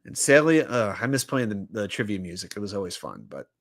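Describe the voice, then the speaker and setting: Lowish in pitch and fairly quick, this male host runs trivia on a laid-back sports talk livestream. He stays animated and jokey, reading out comments from viewers as they come in.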